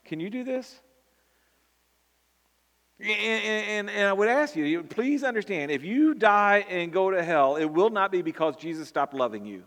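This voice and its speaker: Preacher guy, earnest, kinda high voice, big hall echo behind him. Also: animated, normal speed, a bit bright. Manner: earnest, repeats words, rising to emphatic peaks. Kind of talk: sermon. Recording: long hall reverb.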